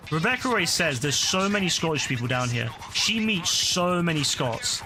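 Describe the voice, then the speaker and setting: A man's voice: on the high side, big pitch swings, moderate pace, music in the background. A man chatting casually while streaming a game, rambling along and swearing freely. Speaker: gaming streamer. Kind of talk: casual chat while gaming.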